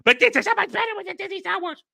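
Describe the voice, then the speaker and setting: A man putting on a high, sing-song voice to mock a simpering fake fan. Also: animated, racing, creaky, sharp tone, dry recording, studio quality, exaggerated voice.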